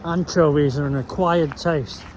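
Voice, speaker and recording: A man's voice: a little high, unhurried. A man vlogging casually as he drives and walks around a town, joking at his own expense and muttering asides. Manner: chatty, self-mocking, mutters asides. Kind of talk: casual travel vlog. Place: outdoors in town and in a car. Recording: loud street noise. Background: loud outdoor and traffic noise.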